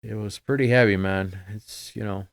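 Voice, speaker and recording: A middle-aged man talking casually as a podcast guest, halting and subdued, trailing off with many fillers. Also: lowish voice, fairly even intonation, creaky, dry recording, clean studio sound. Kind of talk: casual conversation.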